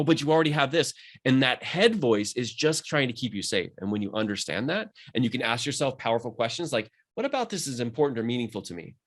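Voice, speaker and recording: Talking fast and earnestly in a podcast chat, this mindset coach aims to motivate, his pitch climbing on the points he stresses. He has a mid-range, somewhat bright voice.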